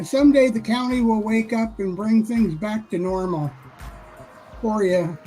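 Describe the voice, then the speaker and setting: A woman's voice: medium pitch, a little slow, mellow, soft background music, rough recording. Chatty woman hosting a casual ramble. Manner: chatty, laughs easily, fillers. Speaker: show host. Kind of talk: casual chat.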